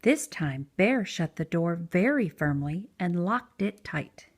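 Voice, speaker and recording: Slow, expressive woman reading a storybook. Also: on the low side, husky. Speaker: children's story reader. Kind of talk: read-aloud storytelling for preschoolers.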